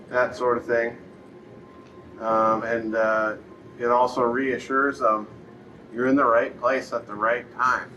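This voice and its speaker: A man co-hosting a casual business chat, talking in a relaxed, loose way. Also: medium pitch, slow, long pauses. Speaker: furniture store co-host. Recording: bright, distant mic with faint noise.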